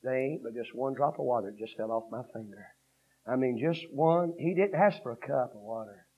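A man preaching a revival sermon, swinging from hushed storytelling to shouted 'uh'-punctuated cadences. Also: mid-range voice, normal speed, slightly rough. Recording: dull lo-fi sermon recording.

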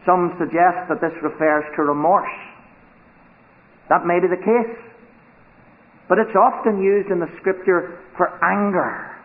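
A man preaching a sermon to a congregation, solemn and emphatic, sinking to a hush for weight. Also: high-pitched, steady tone. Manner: slow, solemn, emphatic delivery with dramatic drops to a hush. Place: church. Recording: tinny phone-like old sermon tape.

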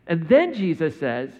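A man's voice: on the high side, warm tone. A man preaching a sermon in a conversational way, often asking his listeners rhetorical questions. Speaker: pastor. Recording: dull sound in a reverberant hall.

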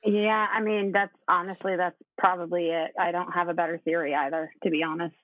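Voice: medium pitch, little pitch movement, a little fast, no echo. A podcast co-host giving brief, agreeing replies in casual chat. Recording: dull, dry lo-fi mic.

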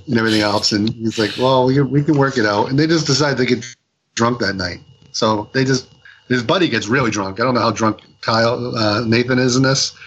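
A man co-hosting a podcast, recapping a story in a rambling casual way, full of fillers and quick lively voices for the people he quotes. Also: medium pitch, breathy edge, low-quality recording. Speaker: podcast co-host reviewing comics. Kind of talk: casual chat.

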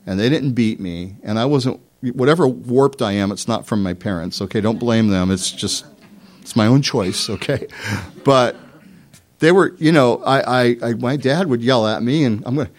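A man, a pastor, giving a conversational sermon, telling stories and swinging from soft asides to emphatic points. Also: medium pitch, moderate pace.

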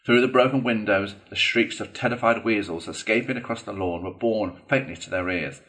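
A man reads a classic storybook aloud with a somewhat low voice. His narration is expressive and steady, shaping each scene for the listener. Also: a little fast. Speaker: audiobook reader.

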